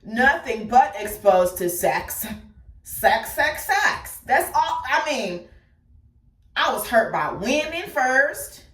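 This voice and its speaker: A woman telling her life story candidly and bluntly, cursing freely, talking straight to her listeners and swinging between loud outbursts and quiet asides. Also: on the high side, big pitch swings, slow, far from the mic. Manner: blunt and profane, addresses listeners directly. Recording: echoey room, speaker set back from the mic.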